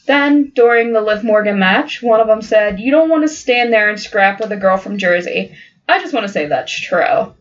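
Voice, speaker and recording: A woman's voice: medium pitch, dull audio. A woman co-hosting a podcast in casual banter, blunt and profane, laughing often. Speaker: podcast co-host.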